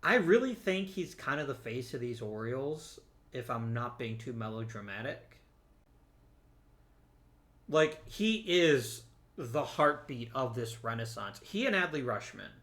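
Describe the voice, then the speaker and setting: Male gameplay host, bright tone, chatty and jokey, talks back to the screen. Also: medium pitch, very animated, unhurried. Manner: chatty and joking, talks to the viewers and to the players on screen. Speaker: let's play host. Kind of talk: casual gameplay commentary.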